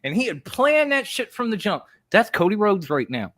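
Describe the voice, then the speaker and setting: A man's voice: high voice, sing-song, moderate pace, fairly bright tone. A man co-hosting a wrestling podcast, ranting with lots of cursing and mock voices in a casual debate. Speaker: podcast co-host. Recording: online stream.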